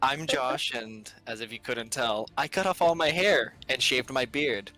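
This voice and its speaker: Male player, crisp bright tone, playful and nitpicky. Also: mid-range voice, a little slow, faint music behind. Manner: joking, precise about details. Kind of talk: casual chat.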